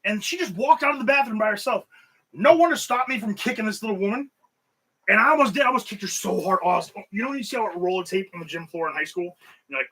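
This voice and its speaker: A man's voice: sits high, quick pace, pushed and bright, slightly rough, rough recording. A man co-hosting a podcast, telling stories in casual chat with a grumbling, self-deprecating manner. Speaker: podcast co-host.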